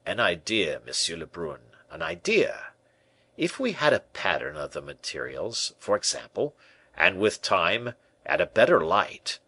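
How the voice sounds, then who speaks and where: A man voicing a sly male bishop who speaks in a measured, quiet way. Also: sits low, very animated, husky, dry recording, exaggerated voice. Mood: calm, scheming. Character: sly, smooth-talking male bishop and ex-musketeer.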